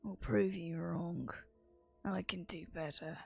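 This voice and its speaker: A woman's voice: lowish voice, slow, creaky. A woman streamer reading game dialogue aloud in character, laughing along, faint game music behind.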